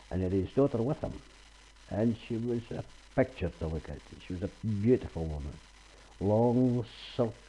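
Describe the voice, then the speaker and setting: Husky-voiced storyteller. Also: male voice, low-pitched, mellow, rough recording. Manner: homely, unhurried, repetitive "he says". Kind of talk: oral folk-tale telling.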